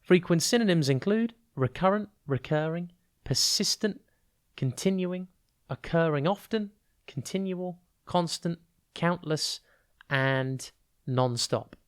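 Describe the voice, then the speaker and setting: A tutor giving a podcast vocabulary lesson, explaining clearly and deliberately, spelling words out letter by letter and stretching key words to show their stress. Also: medium pitch, animated.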